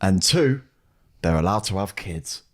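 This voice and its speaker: A man's voice: deep voice, expressive, a little slow, pitched below the performer's own voice. A man voicing a grumbling, sweary man with a British English accent who rants about the trains. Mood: smug. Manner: gruff, ranting, sweary. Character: grumbling middle-aged man moaning on a train.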